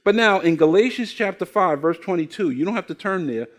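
A man's voice: high-pitched, expressive, fairly quick. An older man preaching a sermon, asking the congregation questions and telling folksy stories with acted-out voices. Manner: folksy storytelling, acts out quoted voices. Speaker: pastor.

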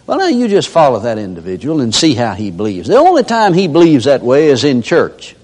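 A man's voice: medium pitch, wildly swooping pitch, fairly quick, a little mellow. An older man preaching a sermon in a folksy storytelling manner, acting out everyday characters. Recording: long hall reverb.

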